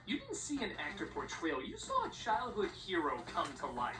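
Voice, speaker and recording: A man narrates a comedic film review with sarcastic, exaggerated delivery. His pitch swings widely, and he sounds far from the mic. The room is echoey and noisy. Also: wildly swooping pitch, moderate pace, music in the background. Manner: sarcastic, exaggerated, jumps into loud outbursts. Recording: roomy, distant, noisy playback through speakers.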